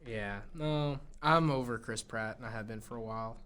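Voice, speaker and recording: A young man co-hosting a casual film podcast, jokey and excitable. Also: medium pitch, moderate pace, clean tone. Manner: jokey, excitable, bursts into silly shouts. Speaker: podcast co-host.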